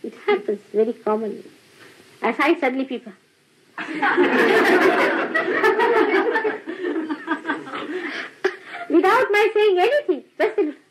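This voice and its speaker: A woman's voice: very high voice, big pitch swings, takes it slowly, long pauses, background noise. An older woman gives an informal spiritual talk to followers, laughing often and acting out little dialogues. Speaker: spiritual teacher. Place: small room with a gathering. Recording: dull lo-fi archival tape.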